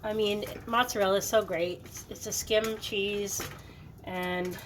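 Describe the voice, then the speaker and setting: A woman's voice: medium pitch, fairly even intonation, measured pace, a little hiss or hum. A woman hosting a cooking video, chatting casually in a playful, joking way while she works in her home kitchen. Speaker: cooking vlogger.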